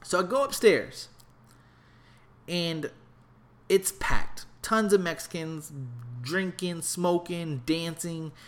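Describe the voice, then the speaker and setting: A young adult man telling a comedic travel story in a casual, animated, profane and rambling way. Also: a little high, slow, pauses often.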